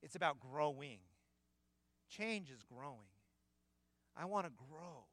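A man preaching a sermon in a church, emphatic and building to loud peaks. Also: on the high side, lively intonation, slow pace, no echo. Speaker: pastor.

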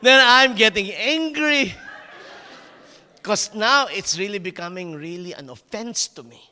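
During a sermon in a large hall, a man serving as pastor shares an animated personal anecdote, chuckling at himself and tripping over restarts. His voice sits high and moves a little slowly.

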